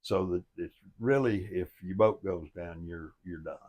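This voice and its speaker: A deep-voiced older man tells a story from his own life in a plain, folksy way. He sounds earnest and down to earth, and he builds each point toward a motivational lesson. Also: measured pace, a little mellow, dull audio.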